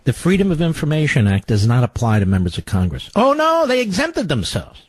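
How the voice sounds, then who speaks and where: An older man hosting a radio talk show, delivering a sarcastic political monologue with mocking, theatrical swings between loud jabs and low mutters. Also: huge pitch swings, fairly quick, breathy edge, no echo.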